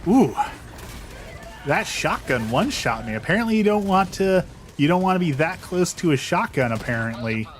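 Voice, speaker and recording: A man's voice: sits high, sing-song, moderate pace, faint music behind. A young man chatting casually while playing a game, rambling with restarts and poking fun at himself. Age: young adult. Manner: rambling, self-deprecating, frequent restarts. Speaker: streamer. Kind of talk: casual gameplay chat.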